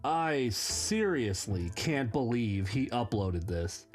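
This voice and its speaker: A woman's voice: a bass voice, sing-song, slow, darkish tone, faint music behind. A woman hosting a comedic reaction video, mocking and sarcastic in tone, with playful exaggeration. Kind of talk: comedic commentary.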